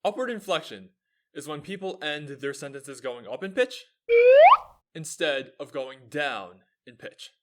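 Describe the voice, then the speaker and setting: A man's voice: a little high, expressive, unhurried, bright, forceful tone, slight background noise. A young man with an American accent hosting his own video show, explaining in an upbeat, lecturing way. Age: young adult. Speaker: host. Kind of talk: lively explanatory video talk.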